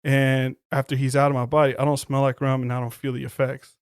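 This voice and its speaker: A man chats casually on a podcast, recapping a film with plenty of swearing and quick quoted bits. His voice sits in a middle register. The sound is dry and close, with no room around it. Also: mid-range voice, flat delivery, no echo. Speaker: podcast co-host. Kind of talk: casual chat.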